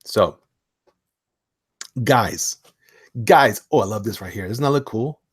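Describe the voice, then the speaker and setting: A man hosting a casual online chat about indie comics, excitable and rambling, laughing often. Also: fairly low pitch, slow pace, husky, no echo, studio quality. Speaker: host.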